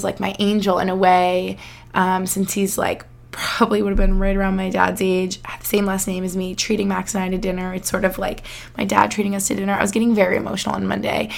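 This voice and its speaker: A woman's voice: medium pitch, vocal fry. A young woman from the United States hosting a podcast, telling a long story in a chatty, rambling way full of "like"s. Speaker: podcast host. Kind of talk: casual chat.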